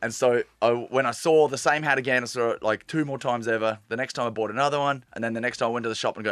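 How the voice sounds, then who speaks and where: A man in his forties with an Australian accent, a comedian chatting on a radio show and telling stories in a lively, slangy, playful way. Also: medium pitch, racing, few pauses, dry recording. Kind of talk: casual radio chat. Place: radio studio.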